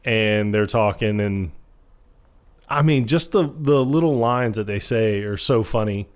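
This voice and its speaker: A man's voice: fairly low pitch, a little slow. A man co-hosting a podcast, laughing often while quoting lines from a comedy film in casual chat. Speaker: podcast co-host.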